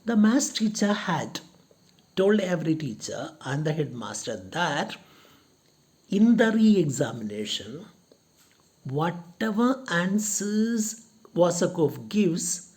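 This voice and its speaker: Slow lecturer piling up synonyms. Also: mid-range voice, big pitch swings, a little mellow. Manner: slow, repeats points with lists of synonyms. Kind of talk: literature lecture explaining a play.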